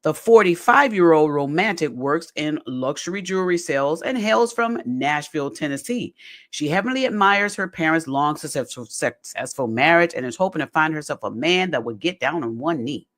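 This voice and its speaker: Lively, chatty show-recap podcast host. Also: mid-range voice, moderate pace. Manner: animated, chatty, repeats phrases for emphasis; addresses listeners directly as "y'all". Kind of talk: casual commentary.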